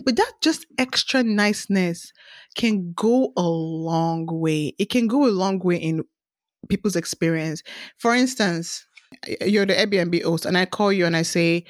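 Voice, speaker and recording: A woman's voice: on the low side, unhurried, no room sound, clean studio sound. A woman hosting a casual podcast chat, talking animatedly and acting out cheerful customer-service messages. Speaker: podcast host.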